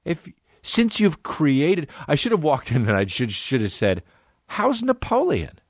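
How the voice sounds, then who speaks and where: A man's voice: medium pitch, sing-song, a little slow, no room sound, clean studio sound. A man hosting a solo comedy podcast, ranting and riffing with profane, exaggerated stories. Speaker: podcast host.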